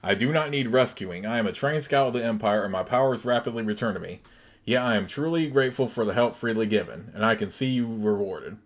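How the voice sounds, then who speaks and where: A man's voice: fairly low pitch, brisk. A man voicing a young, resolute woman wizard-warrior from a computer game, speaking in formal, old-fashioned phrasing. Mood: stern.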